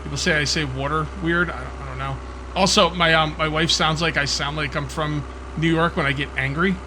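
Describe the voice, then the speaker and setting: A man with a New Jersey accent talks through his game session in a relaxed, rambling way, often restarting his sentences. His voice sits a little on the high side. A steady bed of engine noise from the game runs underneath. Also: a little fast. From Central New Jersey. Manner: chatty, thinks aloud, frequent restarts and fillers. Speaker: gaming channel host. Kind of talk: casual let's-play commentary.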